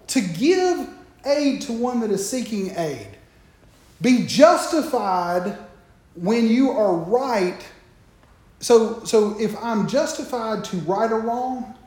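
A man's voice: extremely high pitch, darkish tone, heavy reverb. A man preaching a sermon, talking straight to the congregation with joking asides.

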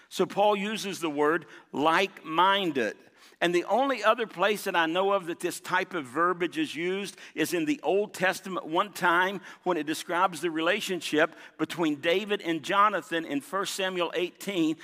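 Preaching with a high, bright voice and forceful tone, a pastor emphatically repeats his key points and calls for congregational responses. The setting is a large church sanctuary, and the recording has the long reverb of a big hall.

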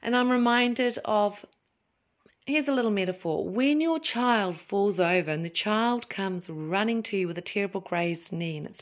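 A woman with an or lilt gives a spiritual talk in an unhurried, soothing manner. Her voice sits in an ordinary middle register, and she slips into playful asides now and then. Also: mid-range voice. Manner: gentle, slow and soothing, with acted-out asides. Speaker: podcast host.

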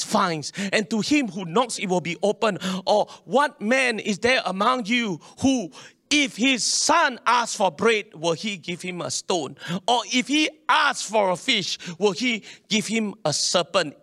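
A man preaching a sermon in a church, animated and calling on the congregation to respond. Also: sits high, dry recording, clean studio sound. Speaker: pastor.

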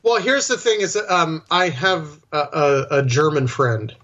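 A man with a slightly raised pitch chats casually about films, often stopping and restarting as he gathers his thoughts. His audio is a little dull and lo-fi, as though through a modest mic. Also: big pitch swings, a little slow, fairly bright tone. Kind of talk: casual chat about movies.

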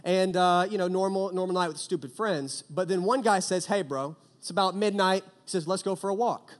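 A man's voice: high-pitched, moderate pace. A young man preaching to a youth group, telling a comic story with acted-out quotes before turning to prayer. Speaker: youth pastor.

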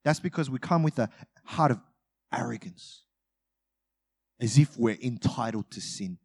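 A man preaches as a pastor in a medium-pitched, expressive voice that is creaky and slightly rough, speaking unhurriedly with long pauses. His sermon is conversational and humorous, with acted-out everyday scenes and shifts from loud bursts to quiet asides.

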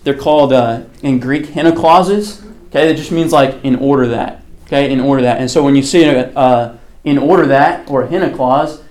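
A man's voice: medium pitch, fairly quick, darkish tone. Man teaching a casual Bible class. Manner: conversational, asks the class questions and answers them; frequent fillers like "okay" and "like".

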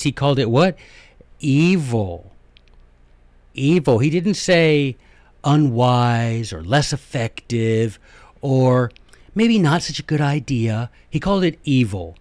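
A man's voice: medium pitch, darkish tone, dry recording. Folksy Southern man lecturing, dry sound. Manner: chatty, digressive, emphatic asides. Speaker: host.

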